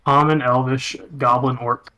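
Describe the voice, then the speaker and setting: A man's voice: mid-range voice, level tone, a little slow, sharp tone. A man playing in a tabletop game, answering in a matter-of-fact, laid-back way. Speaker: player. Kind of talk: casual tabletop play.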